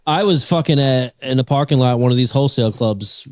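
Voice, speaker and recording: A man's voice: mid-range voice, brisk, darkish tone, dry recording, clean studio sound. A man in his forties co-hosting a podcast, telling a story in a profane, laughing way. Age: 40s. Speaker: podcast co-host. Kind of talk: casual chat.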